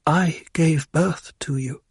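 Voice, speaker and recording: A man voicing a noble mother who speaks softly and gently, trying to calm her son. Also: on the high side, takes it slowly, breathy edge, no room sound, clean studio sound, voice pushed up, exaggerated voice. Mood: soothing. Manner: soft and soothing.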